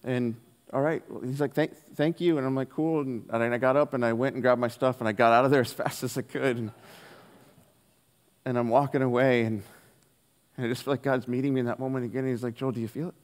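A man preaching a sermon, telling a personal story in an earnest way and dropping his voice softly on the key lines. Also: mid-range voice, fairly even intonation, brisk. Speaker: pastor. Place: church hall. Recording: long hall reverb.

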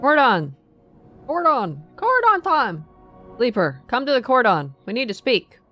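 A woman voicing a distorted, strange-sounding messenger voice coming out of a drone's speaker, calling loudly and urgently. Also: on the high side, sing-song, measured pace, faint music behind, pitched above the performer's own voice, full character voice. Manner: loud, urgent, repetitive calling. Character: garbled shouting voice on a messenger drone.

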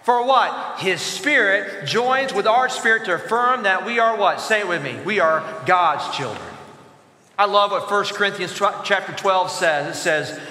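A male pastor preaching a sermon in a church, animated, asking the congregation to answer his questions aloud. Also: high-pitched, unhurried. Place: church sanctuary. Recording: echoey church hall with long reverb.

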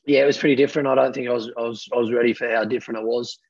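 A man's voice: medium pitch, steady tone, very fast, vocal fry, breathy edge, dry recording. An Australian man in his thirties, a guest telling rambling, laughing anecdotes in a casual way. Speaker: guest rugby player. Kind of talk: casual storytelling. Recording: dull, dry lo-fi audio.

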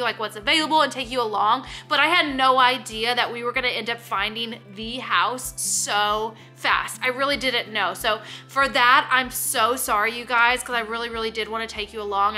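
This young vlogger's voice is slightly high with a sharp edge, and she talks to the camera in a casual, emotional way. She chokes up, laughs, and keeps repeating "like" among other fillers.

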